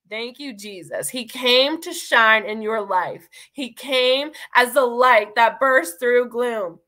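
A young woman gives a casual devotional talk, earnest and encouraging as she speaks straight to her listeners. Her voice is bright and forward, pitched a little high, with a lively, heartfelt delivery. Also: takes it slowly.

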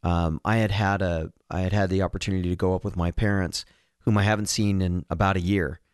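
A man's voice: sits low, steady tone, a little fast, clear, resonant tone, no echo, clean studio sound. A man co-hosting a casual book podcast, speaking earnestly and personally, with self-deprecating asides. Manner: earnest and emotional, reads a passage aloud, self-deprecating. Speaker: podcast co-host.

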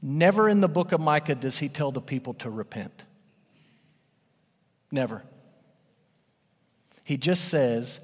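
A man preaching a sermon emphatically, his voice rising and then dropping low for effect. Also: a little slow, pauses often. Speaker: pastor. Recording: long hall reverb.

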